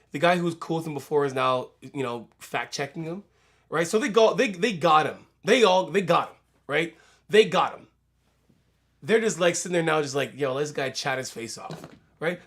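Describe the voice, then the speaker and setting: High-voiced man riffing on a video. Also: a bit bright. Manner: rambling, keeps asking "right?". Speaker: host reacting to a video. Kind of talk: casual commentary.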